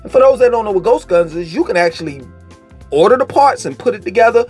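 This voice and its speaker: A man with a high, lively voice rants straight to camera in a casual commentary. His delivery is animated and profane, swinging between mockery and insistence. His pitch leaps around constantly. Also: fast talker, slightly rough, soft background music. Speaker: vlogger.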